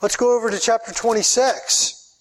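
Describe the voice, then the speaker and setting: A man's voice: extremely high pitch, steady tone, normal speed. A man, a pastor, preaching a sermon in an earnest way, often repeating words as he builds his point.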